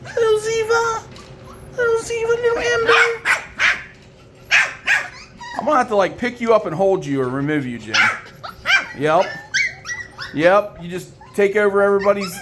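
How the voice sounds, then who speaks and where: A woman filming her puppies, chatting fondly and teasing them, and jumping into high baby talk whenever she calls one over. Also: fairly quick, heavy background noise. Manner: fond, chatty, teasing the pups. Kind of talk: casual running commentary while filming.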